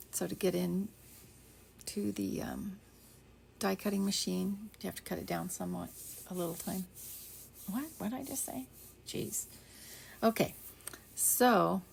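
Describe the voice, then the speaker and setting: An older woman chatting casually while she demonstrates card making at her craft desk, rambling along and dropping into soft half-whispered asides. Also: on the low side, creaky, husky. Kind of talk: casual crafting tutorial chat.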